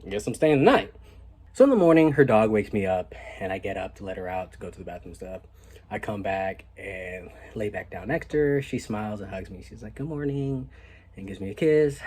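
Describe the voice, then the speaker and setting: A young man casually telling a story on his vlog, animated and laid-back, with a lot of "like" and some swearing. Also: fairly low pitch, husky. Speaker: vlogger.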